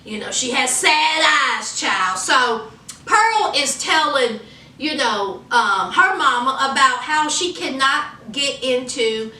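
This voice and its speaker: A woman's voice: sits high, animated, slow pace, bright, forceful tone, echoey room, recorded from a distance, poor audio. A woman recapping a TV episode in a sassy, chatty way, calling her viewers honey and child. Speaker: TV episode reviewer. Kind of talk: casual TV recap.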